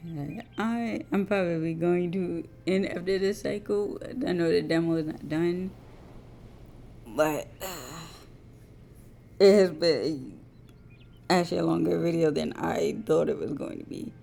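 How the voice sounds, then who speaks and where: Gravelly low-voiced woman playing a game. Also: normal speed, mellow, slight background noise. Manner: playful, self-mocking, laughs at own accents. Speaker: let's play gamer reading game dialogue aloud. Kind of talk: casual gameplay commentary with read-out character voices.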